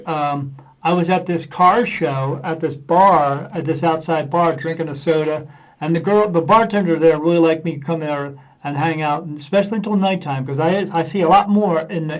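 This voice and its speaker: A man with a fairly high voice chats as a podcast guest, spinning loose, rambling anecdotes. He slips into the voices of the people in his stories and fills his pauses with uh. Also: low-quality recording. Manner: rambling anecdotes, acting out dialogue with many uh fillers. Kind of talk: casual storytelling in a podcast interview.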